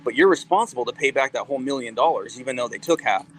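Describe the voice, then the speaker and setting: A man in a mid-pitched voice spins loose, rambling stories for an interview, swearing freely and packing every sentence with fillers. He slips into quoted dialogue as he goes, with faint background noise behind him. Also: quick pace, fairly bright tone, low-quality recording. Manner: rambling, profane, full of "like" fillers. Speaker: guest, cannabis company CEO and musician. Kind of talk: casual interview storytelling.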